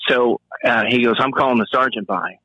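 A man, a former police officer and Marine, telling a profane story in an animated way and acting out the voices he quotes. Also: a little fast, breathy edge, no echo, dull audio. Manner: profane, acts out quoted voices with sharp pitch jumps.

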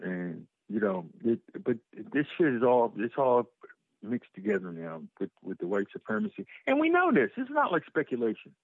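A husky-voiced man co-hosting a loose, profane talk show. He tells stories with animated energy, tripping over restarts as he goes. The sound is dry and a bit muffled. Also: medium pitch, normal speed, no echo. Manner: animated storytelling, swearing, repeated restarts. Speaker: co-host. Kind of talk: casual talk show banter.

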